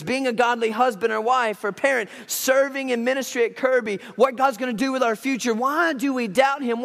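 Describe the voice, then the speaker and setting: A male pastor preaching a sermon, telling a Bible story with lively, acted-out dialogue. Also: extremely high pitch, in a large hall. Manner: animated storytelling, acting out Bible characters. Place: church sanctuary.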